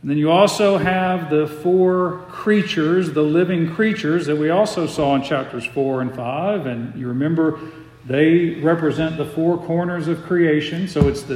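Guy preaching slow and emphatic in a church, lots of echo, kinda far off mic. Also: high voice. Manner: measured, emphatic preaching with slowed stressed phrases. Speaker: pastor. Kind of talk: expository sermon.

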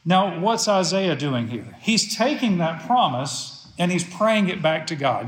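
Preacher man, fairly high voice, lively and emphatic, repeats lines to drive them home, echoey church room. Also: a little slow, hardly any pauses. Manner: emphatic, repeats phrases for stress. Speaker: pastor. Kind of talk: sermon.

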